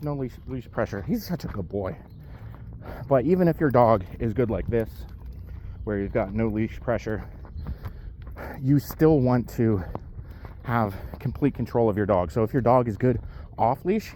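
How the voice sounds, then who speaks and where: Breathy man vlogging on a walk. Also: mid-range voice, dark tone, a little hiss or hum. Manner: rambling, many fillers, talks to his dog. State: breathing heavy from an uphill walk. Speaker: powerlifter vlogging his day. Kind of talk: casual vlog talk while walking a dog. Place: outdoors on a walk.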